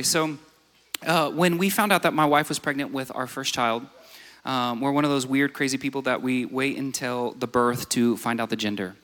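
Young male preacher, higher voice, sermon in a big echoing hall, storytelling turning emphatic. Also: fairly bright tone. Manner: storytelling, builds to emphatic exhortation. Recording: reverberant hall.

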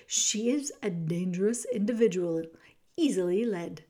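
Sly, mocking male rat villain from a storybook, read by a woman; smooth and coolly threatening. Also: mid-range voice, expressive, unhurried, warm tone. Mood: silkily threatening.

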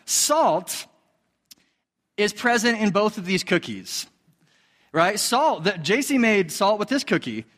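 Young male youth pastor, high-pitched, hypes and jokes with a live crowd; long hall reverb. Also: slow, long pauses. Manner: energetic, joking, hypes the crowd. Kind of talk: sermon with a live stage demonstration. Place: large hall with a live audience.

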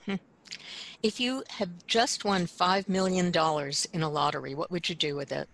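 A woman co-hosting a casual chat show, talking in a relaxed way with soft laughs and fillers. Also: on the low side, normal speed, low-quality recording. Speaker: co-host.

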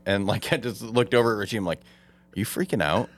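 Deep-voiced, profane storytelling man. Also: fast. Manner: animated anecdote-telling, profane. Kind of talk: casual podcast storytelling.

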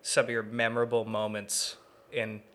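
A man's voice: on the low side, completely flat delivery, moderate pace, fairly bright tone. A man hosting an interview, asking questions in an easygoing, joking way. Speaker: podcast host.

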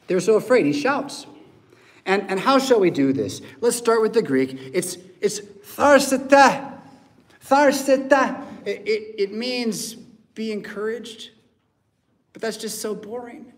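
A male American pastor delivers a sermon in a church, talking in a lively, theatrical way. He acts out little scenes with put-on voices and sound effects. His voice sits a bit higher than most men's. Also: a little slow.

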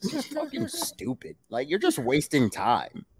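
A man chiming in on a casual podcast with quick, reactive comments. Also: fairly high pitch, huge pitch swings, a crowd in the background. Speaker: podcast guest. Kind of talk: casual chat.

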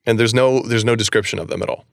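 A man's voice: fairly low pitch, very fast, vocal fry, no room sound, clean studio sound. Casual, rambling man recapping a book. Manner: rambling, laughing, swears casually. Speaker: podcast co-host recapping a book. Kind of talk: casual chat.

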